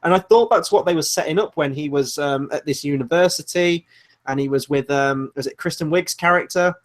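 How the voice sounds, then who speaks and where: A man co-hosting a film podcast, chatting casually in an animated, rambling and sarcastic way. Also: fairly high pitch, fairly quick. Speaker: podcast co-host. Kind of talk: casual film review chat.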